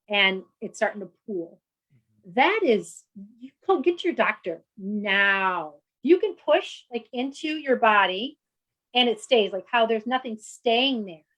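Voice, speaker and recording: A middle-aged woman speaks as a doctor, with a fairly high voice. She explains health topics in a loose, conversational way and fills her talk with casual asides. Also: rough recording. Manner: explanatory, chatty, frequent "you know" fillers.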